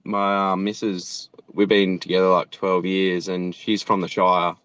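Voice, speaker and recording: An Australian man in his thirties, laid-back and rambling, who swears freely in casual chat. His voice is fairly low and sits dry and close, with a dull, lo-fi tone. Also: level tone, measured pace, a bit bright, clear, resonant tone, no room sound. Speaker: animator and show creator, guest.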